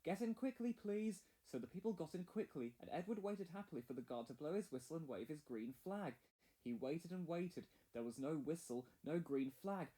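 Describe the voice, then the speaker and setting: A man narrating a children's railway story as a read-along, in a clear, measured way. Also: a little high, animated, mellow, slight background noise. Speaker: storybook reader.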